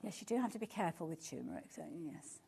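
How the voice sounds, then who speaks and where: A woman presenting a live shopping show, chatting warmly about the items and reacting to viewer comments with gushing enthusiasm. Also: fairly low pitch, lively intonation, fast talker, creaky, a little hiss or hum.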